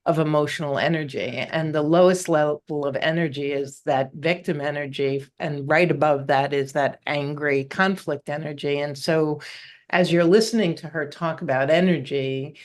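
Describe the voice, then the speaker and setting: A woman's voice: low voice, fairly even intonation, moderate pace. Podcast host woman addressing listeners. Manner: brief affirmations, then addresses listeners directly. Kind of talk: podcast interview.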